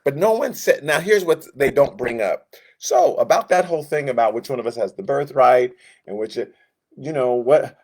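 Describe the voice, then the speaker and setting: A man's voice: medium pitch, darkish tone. A man teaching a Sunday school Bible lesson, telling the story in a casual, joking way and acting out what the characters say in different voices.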